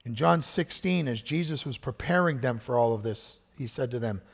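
A man preaching a sermon as pastor, earnest, swinging between hushed and emphatic delivery. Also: mid-range voice, lively intonation, normal speed, vocal fry, slightly rough. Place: church sanctuary. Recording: echoey church hall with long reverb.

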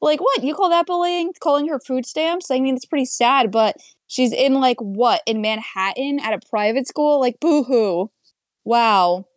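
Young woman, podcast co-host, sarcastic, blunt, fairly high pitch, dry recording. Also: normal speed, no echo. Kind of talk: casual movie review chat.

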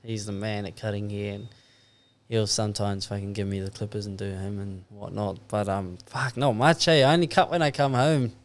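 A young New man with a lowish voice chats as a podcast guest. He gives short, relaxed replies full of swearing, with faint background noise. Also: moderate pace. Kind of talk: casual podcast chat.

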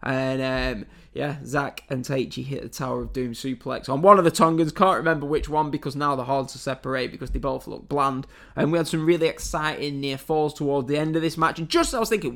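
A man's voice: fairly high pitch, a little fast, gravelly, few pauses, a bit bright. A man from England giving a blunt, chatty review of wrestling matches, with lots of fillers and some swearing. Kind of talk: casual spoken review.

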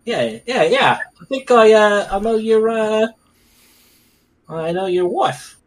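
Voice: mid-range voice, lively intonation, slow pace, rough recording. A tabletop game player, talking in a casual, joking and hesitant way.

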